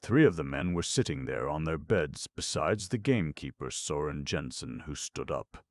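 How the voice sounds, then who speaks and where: Very deep gravelly male narrator. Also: moderate pace, dry recording, clean studio sound. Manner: steady storytelling, raises pitch and volume for quoted characters. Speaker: audiobook narrator. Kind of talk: scripted narration of a classic novel.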